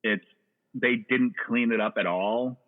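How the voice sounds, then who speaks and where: A man's voice: mid-range voice, unhurried. A man chatting casually about movies, rambling and joking with lots of restarts. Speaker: podcast guest. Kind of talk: casual chat. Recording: tinny phone-like line.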